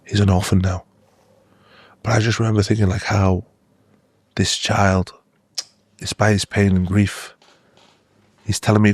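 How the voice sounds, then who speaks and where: A man, a doctor from Australia and the UK, telling stories earnestly in an interview, with many halting restarts. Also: sits low, flat delivery, no echo. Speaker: doctor guest. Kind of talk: interview storytelling.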